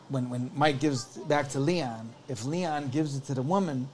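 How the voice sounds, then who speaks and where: In a mid-range voice at a moderate pace, a man appearing as a podcast guest casually tells a long story, rambling, animated, and acting out what people said.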